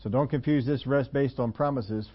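A male pastor delivers a sermon in an easygoing, conversational style. He acts out the voices of the people in his stories. His voice sits at a middle pitch, and the recording sounds a little dull and lo-fi. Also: normal speed, husky.

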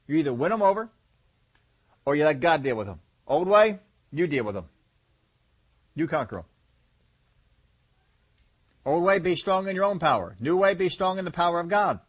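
Man, preacher, folksy sermon, slightly high voice, chatty. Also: animated, a little fast, long pauses. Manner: folksy, conversational, acts out examples with groans and laughs.

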